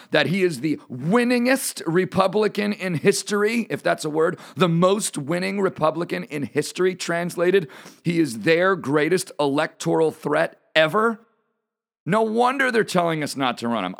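Emphatic middle-aged male commentator, lively pitch. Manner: emphatic, rhetorical questions, repeats points. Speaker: political commentator. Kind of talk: opinionated political monologue.

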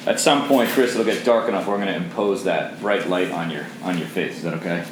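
A middle-aged man leading a men's Bible study in an intense, zealous way, shifting between soft asides and forceful readings. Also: sits low, fairly quick. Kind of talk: teaching a Bible study to a group of men. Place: roomy room with a seated group. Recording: roomy echo, faint background noise.

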